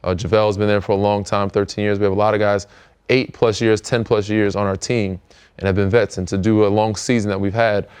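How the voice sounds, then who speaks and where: With a clear, resonant, lowish voice and a brisk pace, an American man in his thirties chats on his podcast. He plays professional basketball, and his easygoing, rambling talk is full of fillers.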